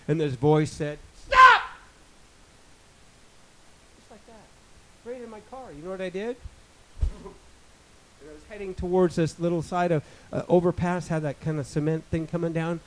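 A man in his fifties preaching a sermon, rambling with joking asides and building to loud, emphatic passages. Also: a little high, poor audio. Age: 50s.

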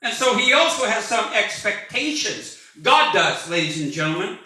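A man around sixty preaching a sermon as pastor, animated and joking, rising at times to a shout. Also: sits high, moderate pace. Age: 60s. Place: church sanctuary. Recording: echoey church hall from far off.

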